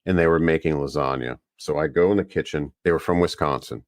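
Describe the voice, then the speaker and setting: A man with an extremely low, deep voice, chatting loosely and rambling through a story. He's from the US Northeast and co-hosts a podcast. The sound is dry and close, with no room echo. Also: fairly quick. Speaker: podcast co-host. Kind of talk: casual chat.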